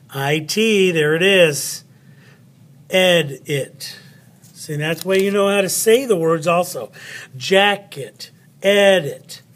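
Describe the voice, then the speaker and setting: A man leads a children's spelling lesson, unhurried and playful. His voice sits a bit higher than most men's. He talks close to the mic as if to one child. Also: a bit bright. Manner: playful, slow and patient, speaks to an unseen child. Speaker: teacher.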